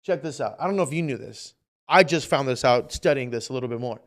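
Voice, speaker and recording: A man's voice: medium pitch, expressive, quick pace. A male pastor preaching a livestreamed sermon with fervent intensity, repeating phrases for emphasis.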